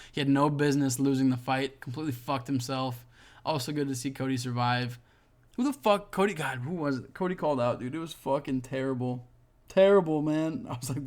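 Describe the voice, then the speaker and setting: A man hosting a casual reaction video, reading fan comments and ranting with lots of swearing, swinging between mutters and loud outbursts. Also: mid-range voice. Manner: profane, exasperated ranting.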